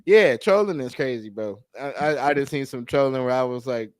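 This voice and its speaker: A man's voice: medium pitch, moderate pace, hardly any pauses, no room sound, clean studio sound. Slangy man in casual podcast chat. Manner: slangy, animated storyteller. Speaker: podcast co-host.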